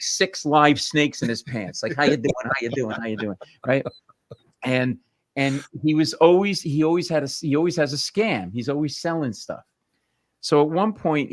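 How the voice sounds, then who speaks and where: A male comedian telling family stories on a talk show, animated and punchy, slipping into voices. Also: a little high, no room sound. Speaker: comedian guest. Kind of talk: comic storytelling.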